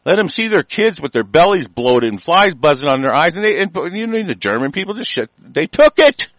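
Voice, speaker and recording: A man's voice: a little high, sing-song, brisk, fairly bright tone, dry recording, rough recording. Man, political rant, heated, rambling, stumbling fillers, dry close sound.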